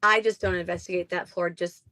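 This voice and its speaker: A woman's voice: fairly low pitch, steady tone, fairly quick, sharp tone, dry recording. A woman who owns a haunted house, chatting casually in an interview with many ums and frequent laughs.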